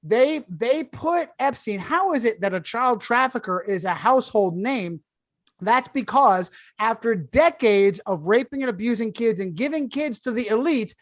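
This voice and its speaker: A man who is a guest author on a podcast, talking emphatically and sarcastically in quick bursts. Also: very high-pitched, no echo. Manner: emphatic, sarcastic, rapid-fire. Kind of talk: podcast discussion.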